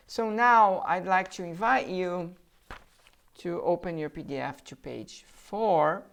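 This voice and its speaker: Brazilian-accented woman, teacher running an English word drill, deep voice, slow and deliberate. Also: gravelly. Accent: Brazilian Portuguese. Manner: deliberate, models each word for repetition. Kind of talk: vocabulary pronunciation drill. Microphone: handheld or desk microphone.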